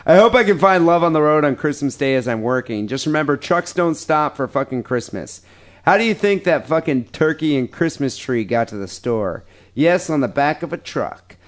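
A man's voice: on the high side, animated, moderate pace. Foul-mouthed guy hosting a podcast, reading out fan emails, joking around. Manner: crude, profane, laughing banter. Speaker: podcast host. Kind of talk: casual podcast chat reading listener emails.

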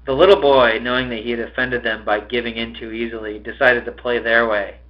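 A man's voice: mid-range voice, a little fast, muffled recording. Man reading a novel aloud expressively. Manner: expressive reading, breaks off to swear at his own slips. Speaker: podcast host reading a novel.

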